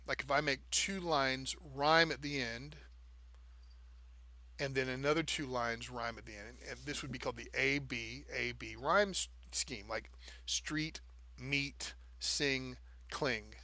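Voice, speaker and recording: A man's voice: mid-range voice, fairly even intonation, moderate pace, bright, forceful tone, no room sound. A man co-hosting a live stream, explaining things step by step in casual talk and checking in with the listener as he goes. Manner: taps out rhythms with "da, da".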